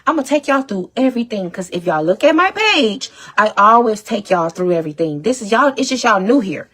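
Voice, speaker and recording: A woman's voice: mid-range voice, big pitch swings, brisk, fairly bright tone, breathy edge. A woman content creator rambling and pleading to her followers in an emotional, profane rant. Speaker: social media content creator. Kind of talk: emotional direct-to-camera rant.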